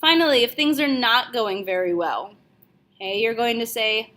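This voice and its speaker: A young woman teaching a French lesson, speaking clearly and slowly repeating each phrase. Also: a little high, a bit bright. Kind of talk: video language lesson.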